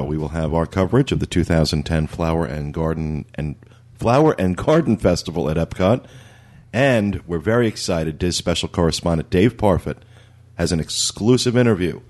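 A man's voice: deep voice, lively intonation, moderate pace, a little mellow. A man hosting a casual podcast in an easygoing way, wrapping up the show. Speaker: podcast host.

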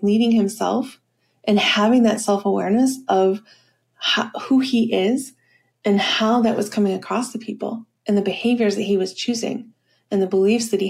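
Gravelly-voiced woman leadership coach. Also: mid-range voice, fairly even intonation, normal speed, a little mellow. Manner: storytelling, many fillers like "you know" and "um". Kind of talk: podcast interview.

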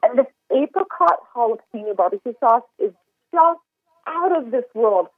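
An enthusiastic woman chef explains cooking tips in long run-on stretches. Her slightly high voice comes through a thin, tinny phone line with no room sound at all. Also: animated, moderate pace, no echo. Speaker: chef and recipe developer. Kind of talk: casual podcast interview.

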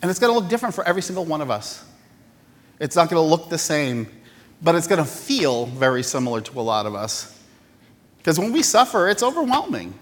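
A male pastor giving a casual, self-deprecating sermon with many pauses and restarts. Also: a little high, sing-song. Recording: reverberant church hall.

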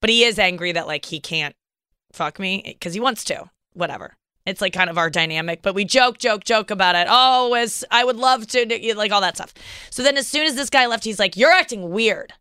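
Woman podcast host telling stories, chatty, restarts a lot, smooth voice, dry mic. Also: mid-range voice, brisk, bright, forceful tone, no echo. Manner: candid, rambling storytelling with many restarts. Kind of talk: casual chat.

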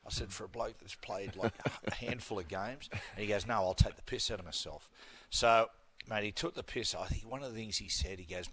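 Middle-aged and Australian-accented, this guest host tells laughing, blokey stories in casual sports chat, full of banter. His voice is lowish, husky, a bit bright, and fairly quick.

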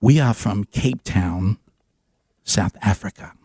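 Man doing a calm, formal South African man. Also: mid-range voice, fairly quick, vocal fry, dry recording. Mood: matter-of-fact.

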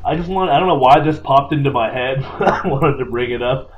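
A man's voice: mid-range voice, brisk, muffled recording, background noise. A man co-hosting a casual podcast in a laid-back, rambling way, full of fillers. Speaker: podcast co-host. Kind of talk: casual chat.

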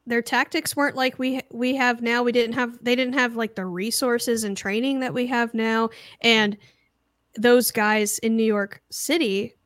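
Female co-host, measured and explaining, slightly high voice, dry close mic. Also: fairly bright tone, no room sound. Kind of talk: casual chat.

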